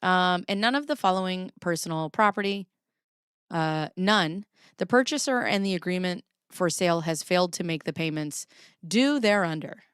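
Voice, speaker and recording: A woman hosts a casual livestream from her home basement with the camera pointed at herself, chatting and swearing as she reads documents and talks to her chat, often laughing. Her voice is lowish and fairly bright with lively intonation at a moderate pace. The sound is clean and studio quality, with no room sound.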